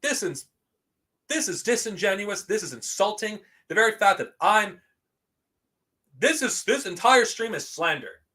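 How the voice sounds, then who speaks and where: Bright-voiced indignant man streamer. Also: high voice, very animated, unhurried, pauses often. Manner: indignant, swearing, defensive. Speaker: streamer reacting to a stream about himself. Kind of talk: angry reaction commentary.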